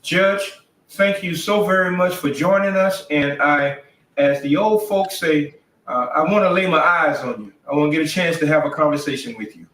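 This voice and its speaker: A man hosting a community talk show over a video call, speaking haltingly with many fillers and restarts. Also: a little high, fairly bright tone, slight background noise. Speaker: host. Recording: roomy, distant video call audio.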